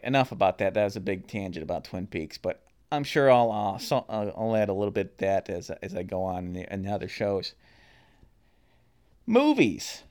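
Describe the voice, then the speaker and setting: A man's voice: on the low side, clean tone. A man hosting a solo podcast, reviewing shows and films in a rambling, casual way with many fillers and restarts. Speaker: podcast host.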